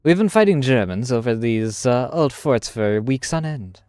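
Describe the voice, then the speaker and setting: A man's voice: mid-range voice, expressive, normal speed, darkish tone, no echo, studio quality, close to an everyday voice. A man voicing a weary young French soldier reading his letter home aloud, with a faint put-on French inflection.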